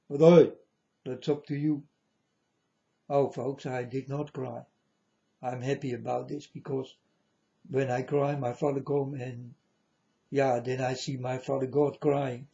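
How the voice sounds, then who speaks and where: Slow, solemn man in a muffled recording. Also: little pitch movement. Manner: solemn, halting, repeats phrases, sometimes loud. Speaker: self-styled prophet. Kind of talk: religious monologue to viewers. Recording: muffled low-fidelity recording.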